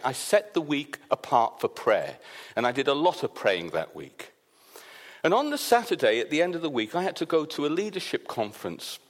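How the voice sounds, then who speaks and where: Lively, animated preaching man. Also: fairly high pitch. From Wales. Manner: animated storyteller, acts out the quoted voices. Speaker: pastor. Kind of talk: sermon with personal storytelling.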